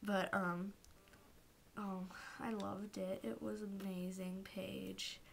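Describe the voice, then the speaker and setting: A woman vlogger ranting casually to the camera as a fan, gushing and emotional, often dropping into soft whispers. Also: medium pitch, flat delivery, slow, vocal fry, slight background noise.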